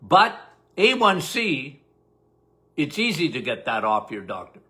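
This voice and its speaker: With a sing-song, sharp voice pitched on the high side, an older man runs a casual live-stream. He rattles off viewer names, answers questions in a chatty manner, and laughs at his own expense.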